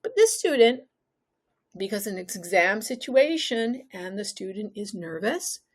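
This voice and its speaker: A woman's voice: mid-range voice, sing-song, measured pace, husky. A woman teaching an exam-prep lesson, talking emphatically and putting questions to the viewer.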